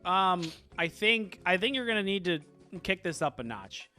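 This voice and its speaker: A male game master rambles playfully through a comedic tabletop story, full of fillers. His voice sits high and sounds bright and forceful, with faint music behind. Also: sing-song, moderate pace.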